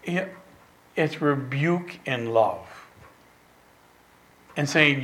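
Male preacher with a slightly high voice. Slow, emphatic sermon delivery with whispered drops. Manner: emphatic, swinging from loud stresses to near whispers; repeats phrases for emphasis.

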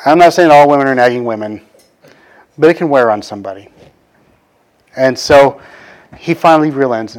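A man in his thirties preaching in a casual, conversational way, often adding "right?" and acting out the people he quotes. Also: medium pitch. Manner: conversational, animated, frequent "right?" asides; acts out quoted voices. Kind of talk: casual sermon.

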